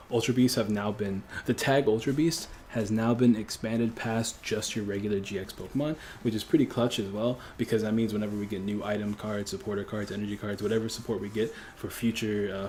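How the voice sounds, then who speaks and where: Over a faint hiss or hum, a streamer from a French-speaking country speaks in a fairly low, slightly mellow voice. His casual livestream chat rambles, with frequent chuckles and corrections as he goes.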